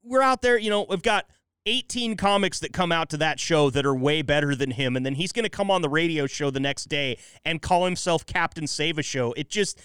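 A man's voice: fairly high pitch, a little fast, fairly bright tone, smooth, no room sound. A man hosting a podcast in casual chat, blunt and irritated, swearing freely into a close mic. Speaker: podcast host.

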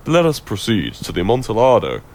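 A man's voice: on the low side, huge pitch swings, fairly quick. A man voicing a tipsy, proud nobleman in a jester's costume, speaking haughtily with a slight slur, over a noisy recording.

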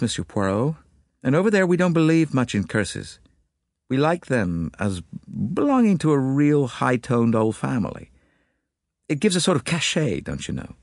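A man voicing a determined American woman of about thirty, speaking with an American accent in an earnest, brisk, worried way, in an audiobook. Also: mid-range voice, no echo, studio quality, voice pushed up.

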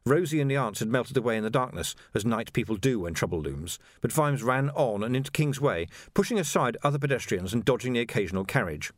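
A man narrating a novel in an expressive, animated storytelling way. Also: mid-range voice, fast talker, few pauses, dry recording, studio quality. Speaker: audiobook narrator. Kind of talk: scripted narration.

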